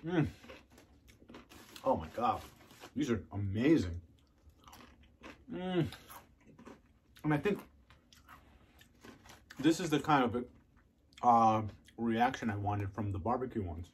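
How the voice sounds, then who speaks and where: A man casually reviewing snacks on camera, chatting between bites and savoring each taste with drawn-out mm and oh yeah sounds. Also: mid-range voice, expressive, slight background noise. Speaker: food reviewer.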